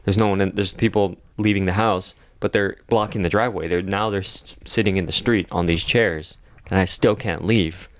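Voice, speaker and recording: A young man with a very low, deep voice tells a long story on a podcast. He rambles, stacks up fillers and swears freely. The sound is close and dry, with no room echo. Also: steady tone, normal speed. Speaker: podcast co-host. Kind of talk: casual storytelling.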